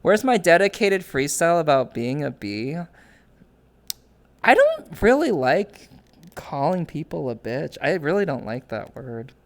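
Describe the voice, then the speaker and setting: A woman's voice: sits low, sing-song, unhurried. A young woman hosting a streamed interview in casual chat, rambling with many restarts and reading chat messages aloud.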